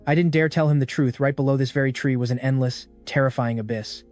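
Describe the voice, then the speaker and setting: A man narrating a dramatic story in an even storytelling delivery. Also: mid-range voice, fast, soft background music.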